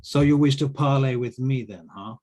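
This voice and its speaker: A man's voice: fairly low pitch, expressive, unhurried, husky, heavily acted. A man voicing a cold, scheming female drow leader who speaks haughtily and threateningly in a tabletop game. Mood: haughty.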